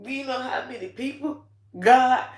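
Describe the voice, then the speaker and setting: A woman comedian giving a tearful, emotional personal monologue, swinging from hushed to loud with heavy cursing. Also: high-pitched, moderate pace, roomy sound. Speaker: comedian and social media creator.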